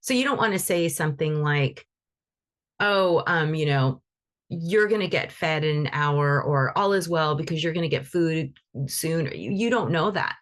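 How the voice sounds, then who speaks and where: A woman's voice: low voice, expressive, moderate pace. A woman teaching animal Reiki in a live online session, talking loosely and conversationally with frequent restarts.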